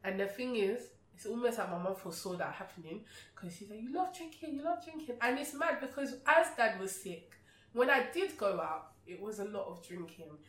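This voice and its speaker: A woman, a podcast guest telling a personal story in an outspoken, animated way. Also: medium pitch, moderate pace. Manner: outspoken, animated, acts out remembered exchanges. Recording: roomy sound from a distant mic.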